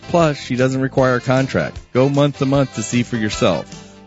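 A man's voice: expressive, moderate pace, a little mellow. A man reading an upbeat radio advertisement as the head of a radio network. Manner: upbeat pitchman delivery. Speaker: radio network founder doing ads. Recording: dull, slightly lo-fi radio audio with faint music.

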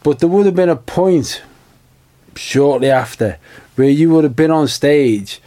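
A man's voice: on the high side, lively intonation, measured pace, dark tone. A man hosting an interview, asking long, thoughtful questions in casual conversation. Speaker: host.

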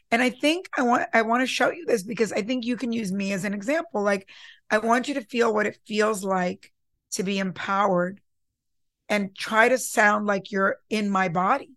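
A woman's voice: mid-range voice, fairly bright tone, dry recording. A woman hosting a podcast, talking in an earnest, reflective way about confidence and sometimes acting out her inner voice. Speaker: podcast host. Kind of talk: casual motivational talk.

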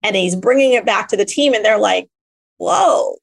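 A woman hosts a podcast interview with a gravelly, creaky edge to her middle-pitched voice. She talks animatedly and slips into little quoted voices to make her points. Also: fast talker. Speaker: podcast host. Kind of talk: conversational interview.

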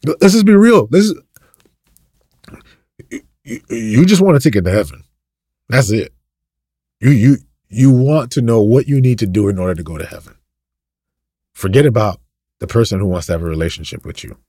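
A man's voice: fairly low pitch, lively intonation, moderate pace, pauses often, dark tone, husky, no echo, clean studio sound. A man preaching an impassioned, ranting sermon, full of repetition and rhetorical questions.

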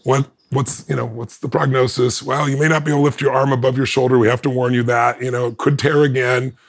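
A man who is a podcast guest, telling a personal story in an animated way. He laughs between lines and acts out what other people said. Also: mid-range voice, fast talker, gravelly.

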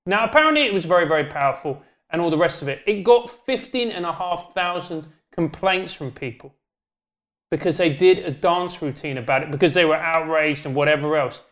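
High-voiced man, animated. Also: brisk. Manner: animated, joking, rambling with restarts. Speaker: podcast guest. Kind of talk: casual chat.

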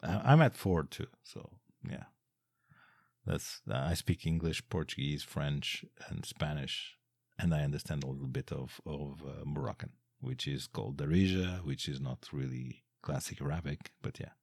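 A man interviewing a guest in casual chat, relaxed and trailing off at times. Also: extremely low pitch, normal speed, gravelly, husky, no room sound, studio quality.

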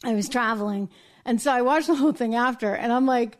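A woman from the United States hosting a live political commentary show, talking in an animated way and acting out quotes in mock voices. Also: fairly high pitch, a little fast. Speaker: host.

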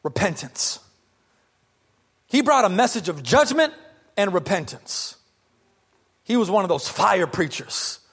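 A man preaching a sermon as pastor, conversational and lively, firing off rhetorical questions to the congregation. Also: high voice, measured pace, long pauses, husky.

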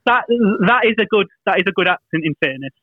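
A man's voice: sits high, expressive, fast talker, no echo. A man, a podcast guest, chatting wryly and restarting his sentences. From Manchester, England. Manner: wry, repeats words as he starts. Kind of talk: casual chat. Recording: dull, dry sound.

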